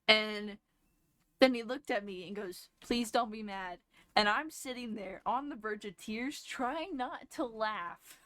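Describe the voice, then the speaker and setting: A woman's voice: medium pitch, fairly bright tone, no room sound. A young woman streamer casually telling a rambling personal story, often laughing as she goes.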